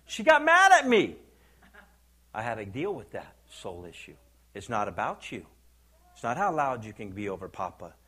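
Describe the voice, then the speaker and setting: An older man, a pastor, preaching a sermon with animated storytelling and acted-out quotes. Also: on the low side, normal speed, breathy edge.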